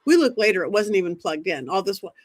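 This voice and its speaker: Excitable woman telling a spooky tale. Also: medium pitch, fast. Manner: excitable, quotes herself and others in dramatic asides. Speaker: psychic medium guest. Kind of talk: animated storytelling.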